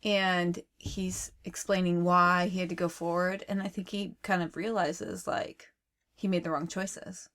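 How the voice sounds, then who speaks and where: Casting: lowish female voice, eager casual podcast talk about a movie. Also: measured pace. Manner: enthusiastic, animated. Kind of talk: casual movie review chat.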